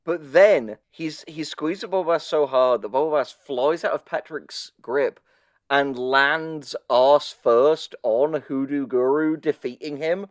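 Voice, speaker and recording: In a dry, studio-quality recording, a man with a slightly high voice speaks slowly. Co-hosting a podcast, he casually recaps a cartoon episode in storytelling fashion, swearing and laughing often as he goes.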